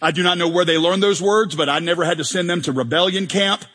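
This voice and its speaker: Joking and performing mock prayers, a male pastor preaches energetically in a high, bright voice that has a husky quality. He speaks fast, and a long reverb from the big church hall trails his words.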